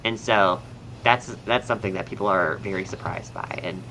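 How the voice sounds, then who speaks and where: A young man with a soft Southern American drawl talks like a podcast host, rambling cheerfully. His voice is bright and forward. Faint background noise sits under the recording. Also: deep voice, normal speed, low-quality recording. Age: young adult. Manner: chatty, upbeat, rambling with fillers. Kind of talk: casual chat.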